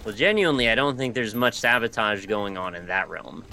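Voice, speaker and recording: A man's voice: on the low side, fairly quick, vocal fry, sharp tone. A man co-hosting a casual chat, teasing his friend and tossing out goofy suggestions.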